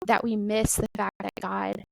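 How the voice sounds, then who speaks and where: A middle-aged woman talking casually about faith as a podcast guest, animated and full of "like" and "right?". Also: mid-range voice, normal speed, creaky, no echo, low-quality recording.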